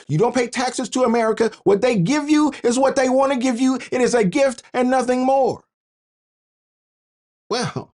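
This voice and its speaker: Folksy sarcastic male commentator. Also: very high voice. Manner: folksy, sarcastic, laughing, addressing "y'all". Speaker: commentary channel host. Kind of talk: political commentary vlog.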